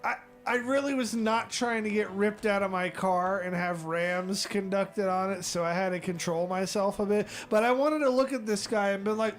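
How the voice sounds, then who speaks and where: A man with a high, light voice tells a story as a streamer, swearing constantly and getting worked up in animated, exasperated bursts. Faint music plays softly behind him. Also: moderate pace, hardly any pauses. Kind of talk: ranting comedic storytelling.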